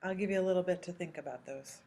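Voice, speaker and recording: A woman teaching a recorded language lesson, explaining patiently step by step and slowing down to model example phrases. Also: lowish voice, warm tone, slightly rough. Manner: slows down to model Spanish phrases. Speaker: Spanish teacher.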